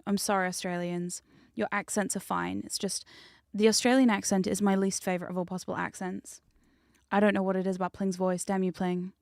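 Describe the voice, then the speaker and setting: A woman chats on a live stream in a loose, teasing, rambling way and now and then slips into a soft whisper. Her voice sits at an ordinary pitch. The sound is close and dry, from a studio condenser mic with no room around it. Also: no echo. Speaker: hypnosis content creator and streamer. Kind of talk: casual live-stream chat with whispered asides.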